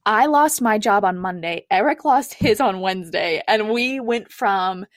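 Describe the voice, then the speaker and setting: A young woman speaks as a podcast guest, recounting her own story in a candid, chatty way and dropping "like" often. Her voice sits at an ordinary middle pitch. It comes through a close mic in a dry room. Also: expressive, unhurried, no room sound. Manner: chatty and candid, frequent "like" fillers. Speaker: podcast guest, niche coach. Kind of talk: casual personal storytelling.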